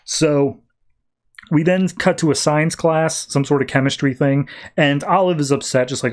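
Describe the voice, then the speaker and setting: A man's voice: on the high side, moderate pace. A man, a podcast host, casually recapping a comic book in a chatty storytelling way.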